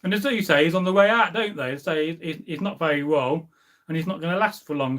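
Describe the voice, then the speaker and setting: A man chats through a home live stream, his voice pitched a little high. He wanders from topic to topic and reads out comments from the chat. When he names a food, he stretches the word out slowly. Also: a bit bright. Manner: rambling, reading out chat comments, drawn-out savoring of food words. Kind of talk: casual chat.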